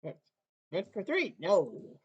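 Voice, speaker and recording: A woman's voice: lowish voice, husky, lo-fi sound. Clipped play-by-play woman from Canada. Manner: clipped, rapid calls, wry asides, rising excitement near the end. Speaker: play-by-play commentator. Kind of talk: casual solo play-by-play of a basketball video game.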